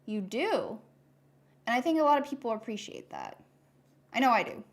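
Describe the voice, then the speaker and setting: A woman's voice: fairly high pitch, wildly swooping pitch, normal speed. A young woman hosting a live art stream, chatting casually and reading chat aloud while she draws.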